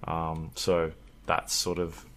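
A man's voice: very deep voice, takes it slowly, slight background noise. A man co-hosting a podcast, chatting casually and rambling with lots of fillers. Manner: rambling, filler-heavy, animated when telling stories. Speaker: podcast co-host. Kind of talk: casual chat.

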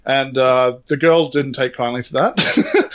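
A man hosting a gaming podcast, casually telling an animated story, acting out the quotes and swearing freely. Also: mid-range voice, a little slow, dull audio. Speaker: podcast host. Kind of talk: casual chat.

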